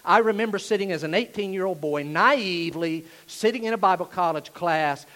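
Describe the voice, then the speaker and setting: A high-voiced male pastor with a drawl delivers a sermon. He leans hard on key phrases, then drops to quiet, confiding asides. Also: fairly quick, low-quality recording. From Asheville, North Carolina, USA. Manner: emphatic, swings between loud declarations and hushed asides.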